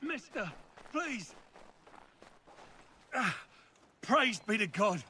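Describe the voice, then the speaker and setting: An actor playing a desperate colonial farmer in a video game, pleading urgently for help. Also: male voice, sits high, very animated, very slow, pushed and bright, slight background noise, exaggerated voice.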